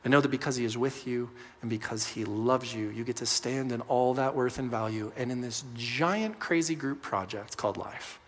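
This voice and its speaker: A male pastor preaching a sermon, earnest and pastoral, swinging from passionate emphasis to soft, intimate moments. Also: mid-range voice, normal speed, few pauses. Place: church auditorium. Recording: long hall reverb.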